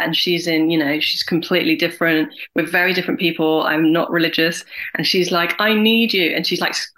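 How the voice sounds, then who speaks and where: Bright-voiced woman in her forties. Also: sits low, low-quality recording. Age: 40s. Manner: animated, acts out other people's lines in quick voices. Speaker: guest, carer and writer. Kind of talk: candid conversational interview.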